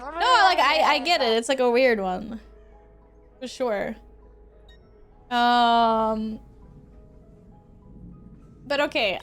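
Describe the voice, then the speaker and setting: A young woman from Sweden streaming a video game at home, chatting and giggling with her viewers as she plays. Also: high voice. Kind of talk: casual gameplay streaming.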